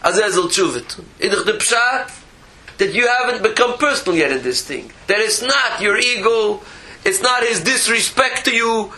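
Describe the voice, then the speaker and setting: A man giving a Torah lecture as a rabbi, animated, with rhetorical questions and repeated phrases. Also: sits high, quick pace, poor audio.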